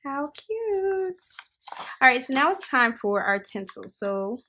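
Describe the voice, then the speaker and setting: A woman's voice: a little high, normal speed, pushed and bright, a little hiss or hum. A woman hosting a crafting tutorial, chatting upbeat and casual while she works with her hands. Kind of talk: casual how-to demonstration.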